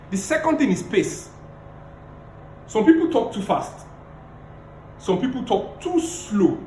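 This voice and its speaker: A man giving a public speaking lecture over a video call, emphatic and repeating key phrases, deliberately playing his tone up and down. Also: high-pitched, roomy sound, a little hiss or hum, poor audio. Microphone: video call mic.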